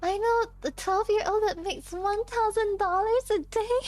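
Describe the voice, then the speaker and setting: A woman's voice: very high-pitched, unhurried, a little mellow. A young adult woman VTuber chatting casually with her stream, with a childlike voice, giggling often and teasing back at chat.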